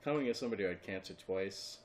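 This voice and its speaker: A man co-hosting a podcast in casual chat, blunt and quick to swear, talking at home. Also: low voice, animated, slight background noise. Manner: blunt, swears, laughs along. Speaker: podcast co-host.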